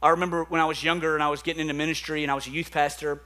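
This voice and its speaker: A man's voice: a little high, flat delivery, very fast, bright, forceful tone. A young man preaching an earnest, emphatic sermon to a church congregation, often repeating words as he builds up. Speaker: pastor. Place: church sanctuary.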